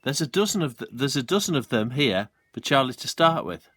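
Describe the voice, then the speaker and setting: A man voicing a proud, calm father who is an old hand at poaching. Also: mid-range voice, brisk, no echo. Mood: generous.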